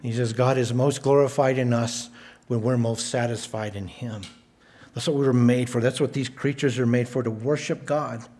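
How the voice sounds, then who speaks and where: A male pastor delivering a sermon in a measured, emphatic way. He leans on repetition to drive his points home, and his voice sits at an ordinary pitch for a man. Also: fairly even intonation, a little mellow. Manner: emphatic, repeats words for stress, measured delivery.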